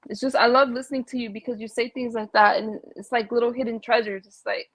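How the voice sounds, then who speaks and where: Halting woman caller on a livestream. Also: on the high side, steady tone, fairly bright tone. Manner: halting, full of "like" and restarts. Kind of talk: casual, emotional sharing.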